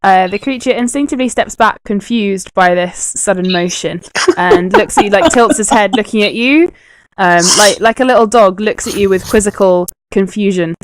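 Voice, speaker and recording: A woman's voice: medium pitch, normal speed, dry recording, poor audio. A woman narrating a tabletop game as game master, descriptive and full of hesitant fillers.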